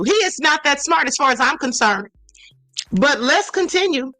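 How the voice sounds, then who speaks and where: A woman's voice: high voice, animated, moderate pace, pushed and bright, no room sound, low-quality recording. A woman hosting a livestream, commenting emphatically and answering her chat with sass. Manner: sassy, emphatic, addresses chat directly. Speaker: livestream host.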